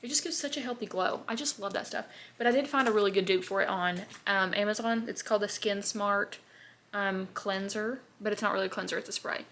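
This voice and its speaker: A woman's voice: medium pitch, fairly quick, noisy background. A young woman, chatting in a bubbly, rambling way while doing her makeup on camera. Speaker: beauty vlogger. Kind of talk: casual get-ready-with-me chat.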